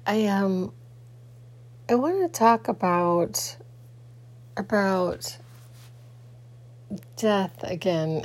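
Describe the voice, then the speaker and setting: A middle-aged woman talking casually and haltingly to her camera late at night, grieving and rambling with many fillers and restarts. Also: medium pitch. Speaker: vlogger. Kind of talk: casual personal talk to camera.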